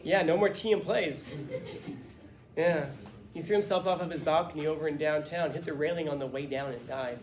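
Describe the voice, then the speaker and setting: A male teacher telling a story to his class in a casual, lively, joking way. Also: on the high side, brisk. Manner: casual, lively, swears and jokes. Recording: echoey classroom, faint noise.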